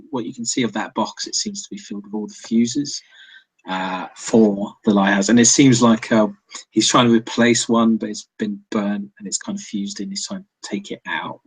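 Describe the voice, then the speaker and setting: Husky-voiced game master. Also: male voice, lowish voice, rough recording. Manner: hesitant, laughing, full of fillers. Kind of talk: narrating a tabletop game.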